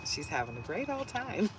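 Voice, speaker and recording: Woman from Detroit, live-stream host, animated and giggly, very lively pitch, webcam sound. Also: measured pace, noisy background. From Detroit, USA. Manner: animated, greets viewers by name, laughs often. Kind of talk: casual live-stream chat.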